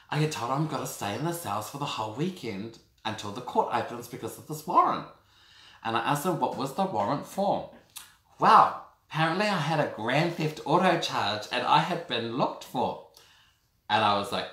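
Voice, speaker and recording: A man in his thirties with a New Zealand accent, telling a personal story to camera in a camp, animated way and often calling the listener "girl". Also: lowish voice, moderate pace. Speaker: vlogger. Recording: roomy echo.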